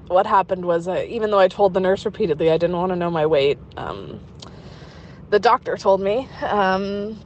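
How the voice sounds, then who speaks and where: A woman's voice: mid-range voice, dull audio, slight background noise. Woman leaving a shaky voicemail. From Canada. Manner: shaky, halting, close to tears. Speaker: caller. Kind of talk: voicemail message.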